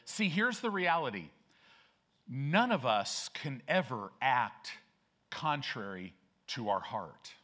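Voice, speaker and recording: Man, pastor, sermon, slow deliberate delivery, forceful bright tone. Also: medium pitch, big pitch swings. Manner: emphatic, repetitive preaching with frequent restarts.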